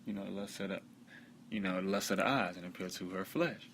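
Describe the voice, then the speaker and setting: A man teaching from the bible in a conversational way, with many fillers, reading scripture slowly and loudly. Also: low-pitched, slight background noise.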